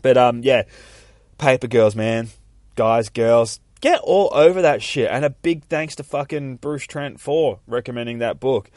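Male comic podcast host, mid-range voice, foul-mouthed and animated, dry booth sound. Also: medium pitch, measured pace, dry recording. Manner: animated, profane storytelling that acts out characters. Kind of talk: casual solo podcast recap.

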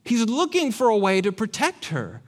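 A man's voice: high-pitched, huge pitch swings, moderate pace. A man preaching a sermon, with rhetorical questions and dry sarcastic asides. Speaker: pastor.

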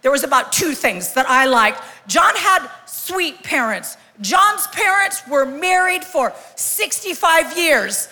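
A woman in her sixties giving a lively, joking live sermon as a guest speaker, calling out to the congregation in a large church. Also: sits high, slow pace, hardly any pauses. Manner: lively, joking, calls out to the crowd. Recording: long hall reverb from a live church.

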